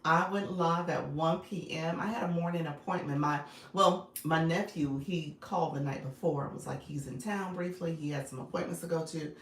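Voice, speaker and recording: A woman with a low, gravelly voice runs a casual live stream, greeting viewers by name and chatting between frequent laughs. Her phone picks her up in a roomy, echoing space with a faint hum behind her. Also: moderate pace, hardly any pauses. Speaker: live-stream host and business coach.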